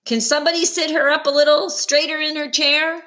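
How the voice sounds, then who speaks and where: A woman doing pushy shouting reporters. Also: high voice, level tone, pitched above the performer's own voice. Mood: calling out. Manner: hurried, calling out over a crowd. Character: pushy adult reporters and photographers, loud and hurried.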